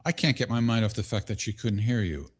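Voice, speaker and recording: A man's voice: fairly low pitch, quick pace. A man hosting a call-in talk show, chatty and easygoing with a bemused streak. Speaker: host. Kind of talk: casual talk show chat.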